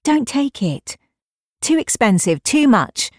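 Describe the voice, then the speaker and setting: A woman reading the part of a young woman who keeps softly, insistently refusing a purchase. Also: on the high side, sing-song, slow, no room sound, studio quality, voice pushed up, full character voice. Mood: pleading.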